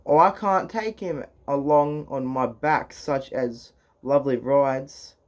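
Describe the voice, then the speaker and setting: A man's voice: medium pitch, takes it slowly, natural voice. A man voicing a sly snake who coaxes sweetly in a storybook read-aloud. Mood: coaxing.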